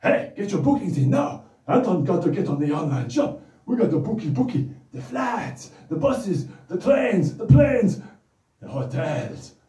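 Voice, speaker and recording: A giddy, boastful show-off who talks about himself in the third person and gushes in clipped, childlike phrases, as a man puts him on. The voice rides high and swoops wildly between shouts and mutters. It sounds far from the mic in a roomy, echoing space. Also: very animated, unhurried. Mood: boastful excited. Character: excitable boastful male character, childlike broken speech. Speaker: regular character of a children's Bible show. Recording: roomy echo, distant mic.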